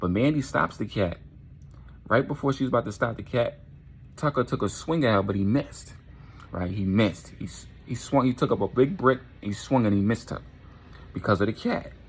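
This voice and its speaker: Husky man telling a story. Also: medium pitch, moderate pace. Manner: animated, profane, keeps asking "right?". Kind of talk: casual storytime narration.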